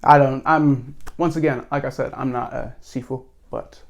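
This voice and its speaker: Gravelly-voiced man rambling casually. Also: medium pitch, steady tone, moderate pace, muffled recording. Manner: rambling, tongue-in-cheek. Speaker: video host. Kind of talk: casual movie talk.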